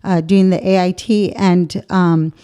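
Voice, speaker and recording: A woman's voice: fairly low pitch, level tone, unhurried, dark tone, clean tone. A woman being interviewed as a guest, talking about her work and giving short affirming replies. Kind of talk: interview conversation.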